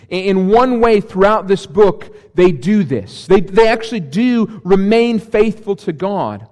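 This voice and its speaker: A man's voice: high voice, sing-song, normal speed, darkish tone. A male pastor preaching a sermon, reading scripture and dropping dry, sarcastic asides. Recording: long reverb of a large hall.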